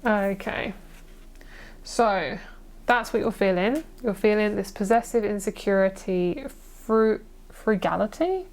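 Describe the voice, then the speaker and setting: A woman's voice: medium pitch, steady tone, takes it slowly, a little mellow. A woman giving a casual, chatty pick-a-card tarot reading, gushing and swearing casually as she goes. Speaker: tarot reader.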